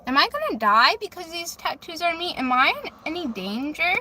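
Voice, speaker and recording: Bright, high-voiced woman livestreamer. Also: very animated, a little fast, a little hiss or hum. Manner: reads viewer comments aloud and chats back. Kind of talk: casual livestream chat. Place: in a car. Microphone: phone camera.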